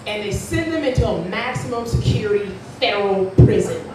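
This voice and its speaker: On a comedy club stage, a woman performs stand-up, telling a crude story brashly and slipping into acted-out voices as the audience laughs. Her medium-pitched voice is expressive and a little fast, captured in an echoey, distant live recording with heavy background noise.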